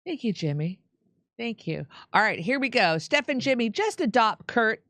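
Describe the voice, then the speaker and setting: A woman co-hosting a show, chatting casually in halting, chatty speech with frequent laughs. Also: on the high side, very animated, fairly bright tone, dry recording. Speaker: co-host. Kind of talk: casual live-stream chat.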